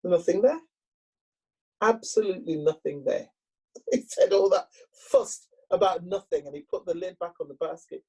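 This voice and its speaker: A woman's voice: fairly low pitch, big pitch swings, normal speed, dark tone, breathy edge, low-quality recording. A woman storyteller telling a folktale aloud in a dramatic, rhythmic way.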